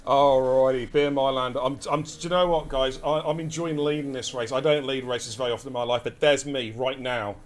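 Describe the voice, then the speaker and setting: A man giving live commentary on an online racing league, excitable and chatty, talking straight to his viewers. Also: medium pitch, fairly quick, few pauses, a little hiss or hum. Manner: excitable, chatty, addresses chat directly. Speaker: race commentator and streamer. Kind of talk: live esports race commentary.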